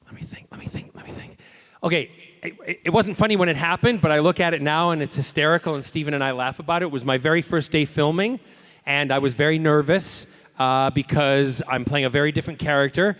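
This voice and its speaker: Animated man telling stories at a panel. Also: fairly high pitch, fast talker. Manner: animated, acts out quoted dialogue. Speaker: convention panel guest. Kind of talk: lively anecdotal Q&A storytelling. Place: convention panel room.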